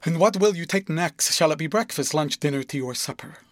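A man's voice: on the high side, fairly quick, no echo, lightly acted. A man voicing a fussy, kindly elderly male guardian who breaks into sudden fervent outbursts. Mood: fussing.

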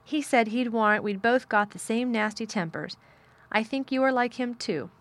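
A woman's voice: a little high, moderate pace, voice pushed up, close to an everyday voice. A woman voicing a blunt, frank young girl. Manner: frank, plain-spoken.

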